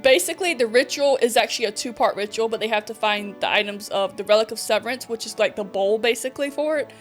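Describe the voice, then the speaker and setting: A young woman vtuber hosting a casual book podcast, her voice a touch high. She retells the plot with gossipy energy, casual swearing and quick acted quotes. Soft music plays faintly beneath. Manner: animated storyteller, swears casually, acts out dialogue. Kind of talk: casual book recap chat.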